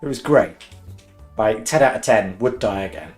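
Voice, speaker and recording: A man from England's West Country chatting casually while streaming a game, excitable, laughing often and swearing now and then. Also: fairly low pitch, moderate pace. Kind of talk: casual live-stream chat while gaming. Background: faint cheerful game music.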